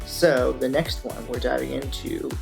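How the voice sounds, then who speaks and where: A man's voice: medium pitch, fairly even intonation, a little slow, vocal fry, darkish tone. A young man talking casually as host of a music reaction video, rambling with lots of fillers. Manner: rambling, filler-heavy, upbeat.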